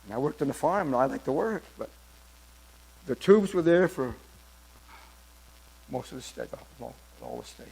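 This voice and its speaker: A man in his seventies telling his personal testimony at church, in a halting storytelling way with many restarts. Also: medium pitch, expressive, gravelly, a little mellow, slightly rough, rough recording. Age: 70s. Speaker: church member giving testimony.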